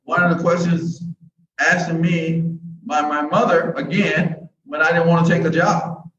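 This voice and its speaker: A man's voice: on the high side, fairly even intonation, unhurried, a bit bright. A man telling motivational stories as an interview guest, with a folksy, preacher-like cadence and many restarts. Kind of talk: motivational storytelling. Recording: echoey, distant, dull audio.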